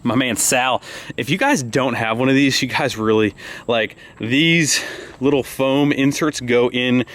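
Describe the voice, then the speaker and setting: Man, vlog host, casual walkaround, rambling, amped up, average pitch. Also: a bit bright. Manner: rambling and amped up, talking fast.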